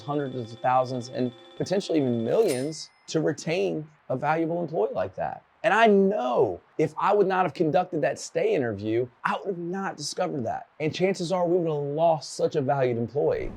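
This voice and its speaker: A man's voice: fairly high pitch, animated, normal speed, creaky, few pauses, darkish tone, breathy edge. A man giving a solo talk on workplace leadership, candid and earnest as he tells a personal story and urges listeners to act.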